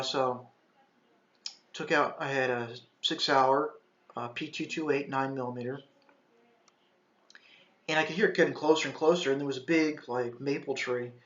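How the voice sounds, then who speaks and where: A mid-pitched man, a retired park ranger, telling a tense story in a halting, intense way, with bursts of shouted orders. The room echoes, and the sound is a little dull and muffled. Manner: intense, shouts quoted commands; halting, restarts often. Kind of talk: first-person storytelling.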